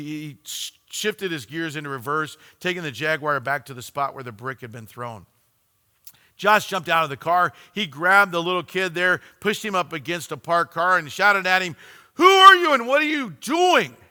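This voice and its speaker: Man, pastor, earnest sermon storytelling, very bright voice, long hall echo. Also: medium pitch, clean tone. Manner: earnest storytelling, slows for emphasis.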